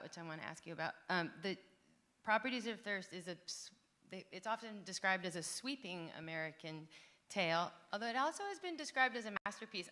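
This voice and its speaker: Bright-voiced woman interviewing playfully. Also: medium pitch. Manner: playful and teasing. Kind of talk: on-stage author conversation. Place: festival venue.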